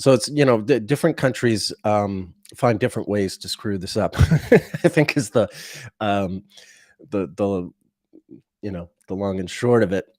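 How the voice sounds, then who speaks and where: A man with a somewhat low voice hosts a casual livestream. He rambles, restarts his sentences and chuckles at his own wry asides. The sound is dry and close, with no room in it. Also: a little mellow, no room sound. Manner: rambling, halting, many fillers and restarts. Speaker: livestream host. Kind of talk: casual unscripted livestream talk.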